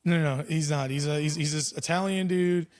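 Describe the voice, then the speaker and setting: A man's voice: on the high side, a little fast, a little mellow. A young man hosting a podcast in casual chat. He is laid-back and swears freely, with lots of "dude" and "like.". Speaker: podcast host and comedy show booker.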